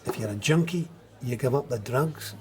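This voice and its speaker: A man's voice: mid-range voice, animated, normal speed, darkish tone. A middle-aged man in a scripted sitcom, confessing in a theatrical way.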